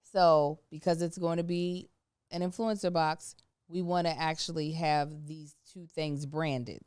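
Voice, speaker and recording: A woman with a low, smooth and resonant voice talks candidly on her podcast. She tells stories with animated, slangy energy, and her voice sounds dry and close to the mic. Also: measured pace, dry recording. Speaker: podcast co-host. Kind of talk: casual podcast chat. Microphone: studio microphone.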